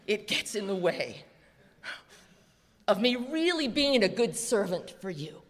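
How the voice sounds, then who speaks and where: A woman's voice: medium pitch, big pitch swings, a little slow, pauses often, crowd noise. An American woman giving a blunt, profane, emphatic recovery talk at a convention. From USA. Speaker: recovery speaker. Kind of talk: live speech at a convention. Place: large convention hall. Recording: echoey convention hall.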